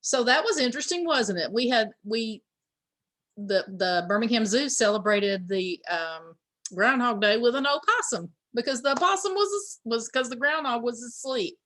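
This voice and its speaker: A woman's voice: a little high, animated, normal speed, fairly bright tone. A woman teaching pre-K, reading a picture book aloud and explaining words with simple questions for small children.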